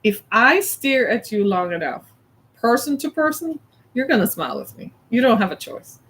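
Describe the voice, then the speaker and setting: A middle-aged woman from the American South, chatting casually as a host, animated and laughing often as she plays out little scenes. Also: a little high, normal speed. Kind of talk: casual chat.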